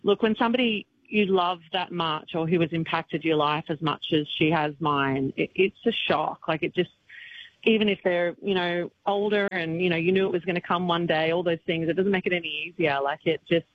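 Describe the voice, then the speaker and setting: A woman's voice: fairly low pitch, fairly quick. Woman guest, country singer, rambly and emotional, lo-fi radio line with light hiss. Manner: tearful but laughing, rambling with fillers. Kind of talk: emotional phone-in radio interview. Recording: dull lo-fi radio line with faint noise.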